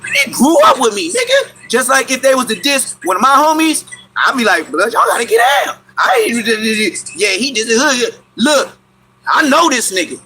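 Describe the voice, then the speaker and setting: A man with Los rants on a livestream, his voice high and very bright. He talks in loud, repetitive bursts and breaks into sudden yelps. A faint noise hangs behind him. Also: big pitch swings, moderate pace, creaky, rough recording. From Inglewood, California. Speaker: livestream host. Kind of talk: animated livestream rant.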